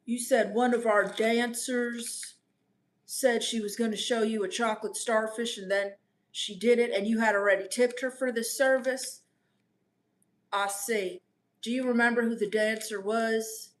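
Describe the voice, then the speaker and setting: A woman putting on a flat, businesslike club manager who fakes a plain American voice. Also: fairly high pitch, a little slow, close to an everyday voice.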